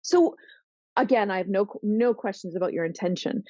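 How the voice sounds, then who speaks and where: A woman's voice: mid-range voice, moderate pace, dry recording, dull audio. Earnest woman coaching parents, dry sound. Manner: earnest, animated, acts out teen and parent voices. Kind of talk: podcast conversation, advice.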